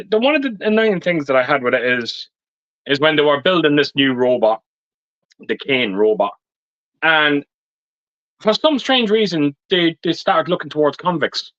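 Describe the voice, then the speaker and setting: A man with a bright, sharp voice grumbles sarcastically through a film chat, swearing freely. The sound is dry and close, a little muffled like lo-fi stream audio. His pitch sits slightly high. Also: very animated, normal speed, long pauses, dry recording.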